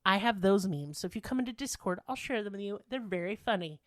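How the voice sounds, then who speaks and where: A woman's voice: medium pitch, lively intonation, fast, a bit bright, no room sound, clean studio sound. A woman co-hosting a podcast in casual chat, sassy, profane and self-mocking. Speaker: podcast co-host.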